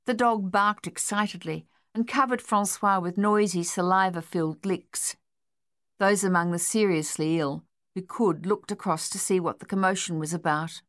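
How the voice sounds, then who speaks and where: A woman narrating a novel in a measured, steady way. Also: fairly low pitch, no echo, clean studio sound. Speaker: audiobook narrator. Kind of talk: scripted narration.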